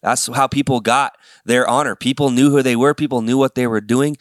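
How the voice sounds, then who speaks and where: Medium-pitched and fairly quick with few pauses, this podcast host sounds clean and echo-free in the studio. On his relaxed talk show he reads book passages and chats between them, laughing frequently and drifting into a fake New York accent before dropping it again.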